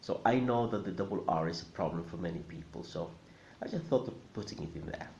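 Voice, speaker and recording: Deep-voiced teacher, patient and repetitive, faint hiss behind. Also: male voice, expressive, gravelly, a little mellow. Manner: careful, repeats words slowly for learners. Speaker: Spanish teacher. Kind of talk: pronunciation lesson. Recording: roomy, slightly dull recording with faint hiss.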